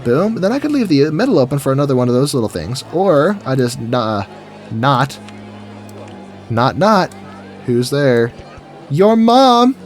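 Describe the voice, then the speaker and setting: A man's voice: mid-range voice, sing-song, moderate pace, long pauses, soft background music. A man giving casual, goofy commentary while building in a game, chatting to himself as he goes. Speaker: gaming video creator. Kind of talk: casual let's-play commentary.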